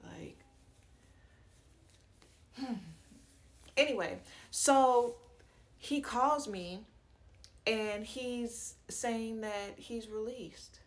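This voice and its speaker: A woman with a slightly high voice speaks very slowly, pausing often. She's telling her viewers a personal story in a casual, slangy way, stopping for fillers and asides and acting out what people said.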